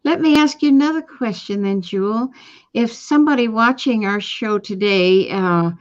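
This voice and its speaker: A woman hosts a casual online talk show, asking her guest friendly questions and reading out viewer comments. Her voice is fairly high and moderately paced. It comes through a webcam on a video call, with dull, lo-fi call audio.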